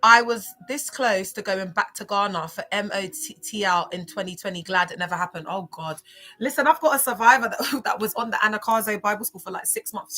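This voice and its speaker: A woman chatting casually on a livestream, animated and chatty, reacting to viewer comments. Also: mid-range voice.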